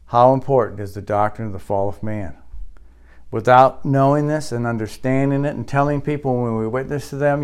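A man preaches from the pulpit in a middle-pitched voice. He drives home points with emphatic, rising questions and sharp quoted lines. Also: clean tone. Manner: closes in a quiet, low prayer. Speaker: pastor. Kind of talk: sermon.

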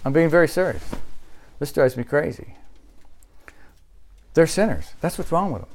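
Male pastor, sermon delivery, emphatic and insistent, voice sits a little high. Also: animated, moderate pace, long pauses. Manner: emphatic preaching, swinging between loud insistence and quiet asides.

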